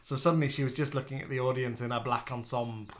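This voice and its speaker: A man's voice: medium pitch, fairly even intonation, fast. A man from the UK co-hosting a live stream, chatting casually and reading out viewers' comments. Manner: chatty, gossipy storyteller.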